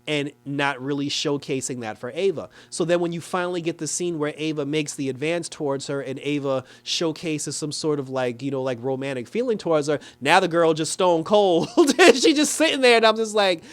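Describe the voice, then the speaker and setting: A man's voice: fairly high pitch, brisk, few pauses. Chatty man reviewing a TV episode. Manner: animated, chatty, frequent "like" and laughs; acts out characters in exaggerated quoted voices. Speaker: TV show reviewer.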